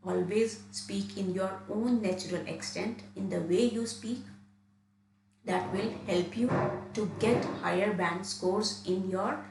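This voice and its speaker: A woman's voice: mid-range voice, slow pace, gravelly, roomy sound, background noise. A woman from India, an IELTS trainer, giving an online lesson and often restarting and repeating phrases as she explains.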